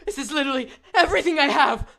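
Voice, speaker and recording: A woman's voice: high-pitched, animated, rapid-fire, vocal fry, a bit bright, pitched above the performer's own voice, full character voice. A woman voicing a frightened grown man who pleads and stutters in a panic, in a game story read aloud. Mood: panicked.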